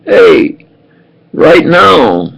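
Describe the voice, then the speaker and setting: A man in his eighties in a rambling, aggrieved monologue, halting and repeating himself. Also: on the high side, very animated, creaky, fairly bright tone, rough recording. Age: 80s. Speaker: self-published speaker.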